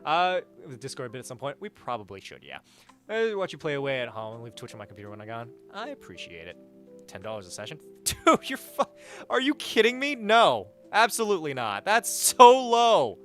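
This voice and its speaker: A man's voice: on the high side, huge pitch swings, fairly quick, soft background music. A young man streaming live, chatting casually, reading out chat and donations, blunt and swearing freely as he rants. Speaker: livestreamer.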